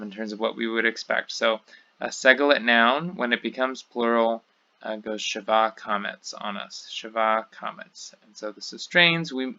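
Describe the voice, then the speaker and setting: A man walks students through grammar points in a patient, explanatory lecture, pausing often with ums and uhs. His voice is bright and forceful at a mid pitch. The recording sounds dull and lo-fi. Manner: patient, explanatory, with many fillers. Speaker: Hebrew teacher.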